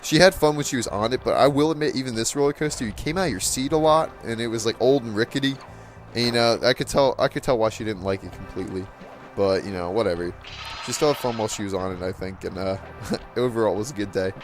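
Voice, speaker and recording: A man's voice: lowish voice, fast, faint music behind. A man casually telling a rambling story with frequent chuckles and fillers, as a gaming channel host. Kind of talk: casual storytelling over gameplay.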